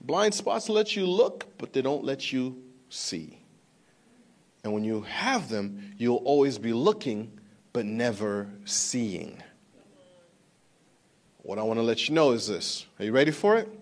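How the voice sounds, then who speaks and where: Speaking at medium pitch, a little slowly and with long pauses, a thirty-something pastor delivers a sermon. The story grows more intense as he goes, breaking into emphatic outbursts while he asks the congregation rhetorical questions.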